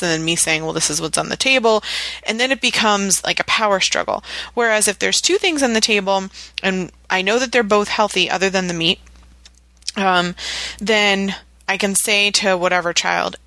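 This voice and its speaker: A woman's voice: medium pitch, normal speed, dry recording. A woman in her thirties co-hosting a podcast, sharing parenting advice in a chatty storytelling way. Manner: chatty, animated storytelling with acted quotes. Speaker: podcast co-host. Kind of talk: casual parenting advice chat.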